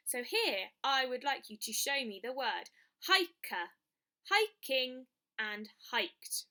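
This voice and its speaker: Woman teacher, high voice, very lively pitch, bright tone, chants rules slowly for kids. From England. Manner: slow, emphatic chanting of rules. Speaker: primary school teacher. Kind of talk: recorded spelling lesson for children.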